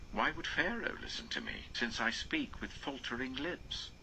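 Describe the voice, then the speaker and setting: A man reading scripture aloud in a slow, solemn way, his voice often sinking to a near whisper. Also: a bass voice, vocal fry, sharp tone, slight background noise, rough recording.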